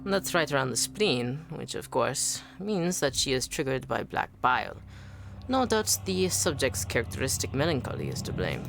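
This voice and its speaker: A woman voicing a brisk female scholar who studies souls and reports in clinical terms. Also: extremely low pitch, big pitch swings, creaky, soft background music, full character voice.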